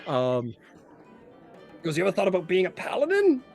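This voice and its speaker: Guy doing a loud hearty old warrior who drinks a lot, kinda high voice, faint music behind. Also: huge pitch swings, moderate pace, vocal fry, full character voice. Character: big boisterous hard-drinking older male warrior.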